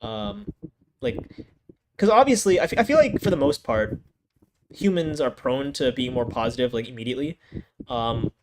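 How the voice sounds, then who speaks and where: A man's voice: medium pitch, lively intonation, moderate pace, long pauses. A young man reviewing anime in a casual, profane rant full of restarts and exasperated outbursts. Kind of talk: casual ranking commentary. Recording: noisy home recording.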